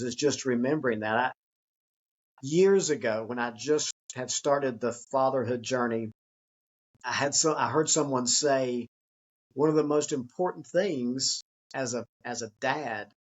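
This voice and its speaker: A man speaking as a guest author in a conversational interview, earnest and reflective, sometimes acting out an excited child's voice. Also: mid-range voice, highs cut off.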